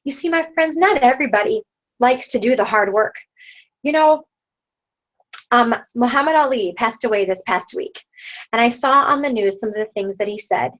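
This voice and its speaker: Woman in her thirties, high voice, rousing sales pep talk, lo-fi video-call sound. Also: normal speed, fairly bright tone. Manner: rousing, repeats rhetorical questions. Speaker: sales team leader. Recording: dull lo-fi online video call.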